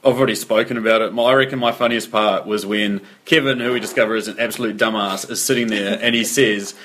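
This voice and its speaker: A man's voice: lowish voice, fast, a little hiss or hum. A man in a casual movie chat, joking and acting out scenes as he retells them. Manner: jokey, animated, acts out scenes. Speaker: podcast co-host.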